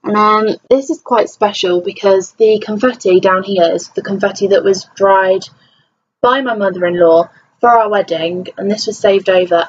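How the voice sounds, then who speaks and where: A woman's voice: medium pitch, muffled recording, a little hiss or hum. A tired young woman from England chatting to camera in a rambling, self-deprecating vlog. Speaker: vlogger. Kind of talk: casual chat to camera.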